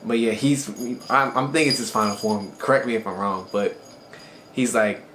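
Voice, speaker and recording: Excitable man recapping anime in an echoey room. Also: lowish voice, moderate pace. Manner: excited storytelling, loose and conversational. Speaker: anime reviewer. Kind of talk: casual episode recap. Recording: echoey room with faint background noise.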